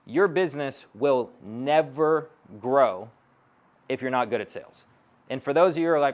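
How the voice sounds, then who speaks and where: A man's voice: mid-range voice, expressive. A man in his thirties giving a live stage talk as a sales coach, blunt and profane, acting out bits of sales-call dialogue. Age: 30s. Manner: blunt, profane, punchy delivery; acts out sales-call dialogue in quick asides. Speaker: sales coach speaking to an audience.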